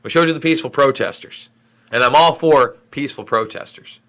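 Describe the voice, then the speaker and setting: Man, middle-aged, from New York State, livestream host, frustrated rambling delivery, bright forceful voice. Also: medium pitch, fairly quick. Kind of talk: live Q&A stream reading chat.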